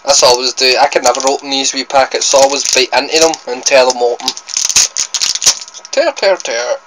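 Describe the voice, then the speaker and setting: A man's voice: medium pitch, brisk, heavy background noise. A young Scottish man with a Scottish accent, chatting casually as he tastes sweets on his food vlog, rambling and correcting himself as he goes. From Scotland. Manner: rambling, chatty, self-interrupting. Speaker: food vlogger.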